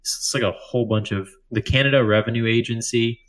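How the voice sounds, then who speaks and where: A man's voice: mid-range voice, fairly even intonation, brisk. A man co-hosting a casual podcast, reading news aloud and joking, tripping over foreign words. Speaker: podcast co-host. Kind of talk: casual chat.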